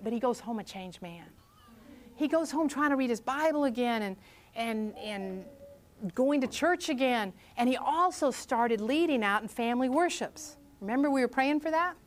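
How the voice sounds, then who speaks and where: A woman's voice: on the high side, lively intonation, normal speed. A middle-aged woman giving a talk on prayer, telling a story and acting out the quoted voices with animation. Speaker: speaker on prayer.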